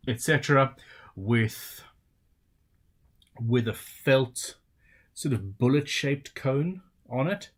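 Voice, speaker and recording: A tired man, hosting a casual live-stream Q&A as a luthier, chatty and rambling with self-deprecating asides. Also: on the low side.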